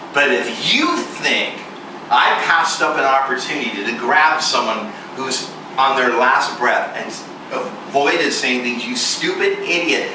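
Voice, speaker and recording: A man preaching a sermon, telling a story and acting out the dialogue in it with lively energy. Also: mid-range voice. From United States. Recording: echoey room recorded from a distance, clear background noise.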